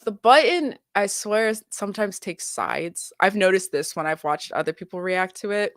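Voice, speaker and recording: A woman's voice: mid-range voice, expressive, normal speed, dry recording, clean studio sound. Giggly, chatty young woman streamer. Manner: giggly, chatty, full of filler "like". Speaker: streamer reacting to a video. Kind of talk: casual reaction stream.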